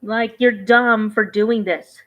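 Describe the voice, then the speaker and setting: A woman's voice: a little high, steady tone, slow pace, lo-fi sound. A woman vlogger giving casual reaction commentary, rambling and conversational, often trailing off and restarting her thoughts.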